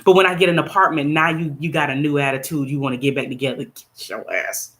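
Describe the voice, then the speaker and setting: Holding her phone camera, a middle-aged vlogger from the United States shows off her small apartment while venting bluntly and animatedly, laughing often. Her voice is low-pitched and very fast.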